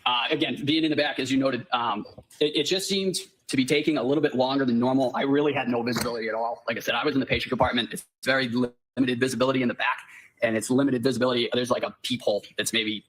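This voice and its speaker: A man testifying in court as a firefighter paramedic, answering politely and in a measured way. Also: medium pitch, steady tone, a bit bright, poor audio.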